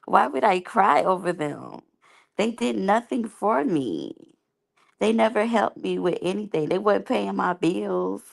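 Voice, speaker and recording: A woman's voice: medium pitch, expressive, measured pace, creaky. A woman giving candid, rambling, slangy commentary as a reality TV reviewer. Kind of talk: casual unscripted commentary.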